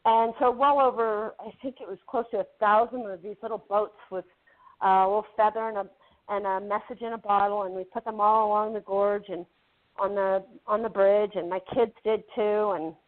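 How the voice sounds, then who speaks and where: A woman's voice: medium pitch, fairly even intonation, normal speed. A woman guest actress telling a story in a casual interview, chatty and repeating words as she builds it up. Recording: phone-like narrow band.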